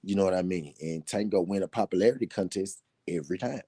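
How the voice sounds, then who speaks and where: A low-pitched man with a dark, mellow voice hosts a casual live boxing show, talking loosely and with profanity. He keeps checking in with "you know what I mean?" and answers viewers' comments as he goes. His voice sounds dry and close to the mic. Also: fast talker, slightly rough, no echo. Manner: reads and answers chat comments. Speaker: boxing talk show host.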